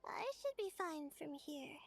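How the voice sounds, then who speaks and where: An actress playing a timid, tired young female student in a video game, soft and hesitant. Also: sits high, animated, a little slow. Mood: hesitant, kind. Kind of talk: game voice acting.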